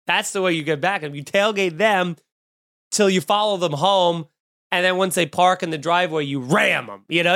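A man hosting a podcast, ranting with jokes and swearing in casual chat. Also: on the high side. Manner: animated, profane, joking rants. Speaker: podcast host. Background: eating and drinking at the mic.

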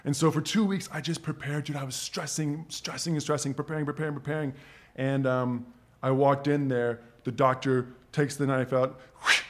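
A man telling a personal story as a podcast guest, animated and swearing freely, with plenty of filler words like "dude" and "like". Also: mid-range voice, normal speed, a little hiss or hum. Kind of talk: casual storytelling.

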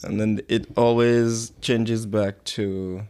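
A man's voice: lowish voice, little pitch movement, slow, dark tone, a little hiss or hum. A man in casual chat with a friend, laid-back and joking.

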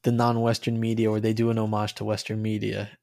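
A man co-hosting a casual podcast, rambling about a video game with animated, swearing talk and many restarts. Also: on the low side, fast, creaky. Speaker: podcast co-host.

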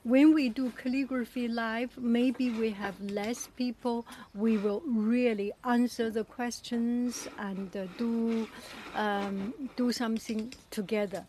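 Slow, gushing woman hosting a livestream. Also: on the high side, steady tone, dark tone, a little hiss or hum. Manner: gushing and effusive, halting with fillers. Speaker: livestream host. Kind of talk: live-stream chat greeting viewers.

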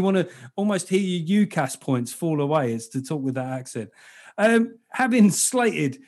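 A sweary man hosts a comedy podcast, rambling through jokes in a relaxed, chatty way. His voice sits a little higher than most men's, and he talks freely with his co-host. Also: moderate pace. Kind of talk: casual comedic chat.

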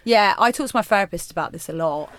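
A woman's voice: mid-range voice, expressive, fairly bright tone, no room sound. Chatty, candid woman in her thirties. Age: 30s. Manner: chatty, candid, self-mocking, quick asides. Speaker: presenter and DJ, podcast guest. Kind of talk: casual interview chat.

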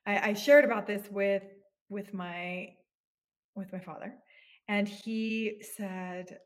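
A woman's voice: mid-range voice, steady tone, moderate pace. A woman in her thirties, a psychotherapist, speaking earnestly and reflectively as a podcast guest, often restarting her phrases. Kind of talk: podcast interview.

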